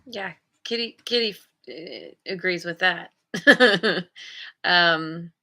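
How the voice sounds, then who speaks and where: A woman's voice: fairly low pitch, very slow, bright, forceful tone. A woman giving a casual tarot reading, thoughtfully searching for words as she reads the cards aloud. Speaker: tarot reader.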